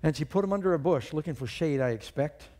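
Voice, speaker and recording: Mellow-voiced male preacher telling stories. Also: on the high side, animated, fast. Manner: storytelling, reads scripture aloud with rising emphasis. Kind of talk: sermon with personal stories.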